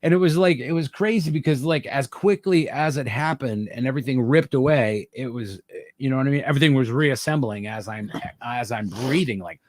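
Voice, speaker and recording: A man's voice: medium pitch, a little fast, dry recording. A man hosting a podcast, telling a wild story in casual, profane chat. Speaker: podcast host.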